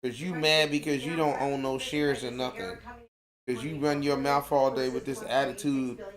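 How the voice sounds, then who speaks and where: A man rants on his home livestream, heated and profane, circling back to the same complaints again and again. His voice sits in a middling register. Clear crowd noise runs behind him. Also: mid-range voice, fairly even intonation, normal speed. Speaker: livestream host. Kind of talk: angry livestream rant.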